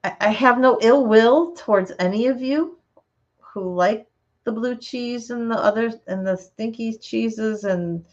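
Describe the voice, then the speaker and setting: A woman hosting her channel, chatting casually with her viewers and reading their comments, relaxed and quick to laugh. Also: fairly high pitch. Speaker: channel host. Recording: slightly dull lo-fi sound.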